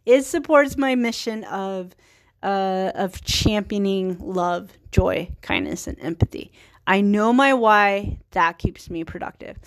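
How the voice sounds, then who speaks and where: A woman in her thirties hosts a casual solo podcast, speaking slowly at a medium pitch in a dry recording. She's chatty and earnest, giggling and poking fun at herself as she goes.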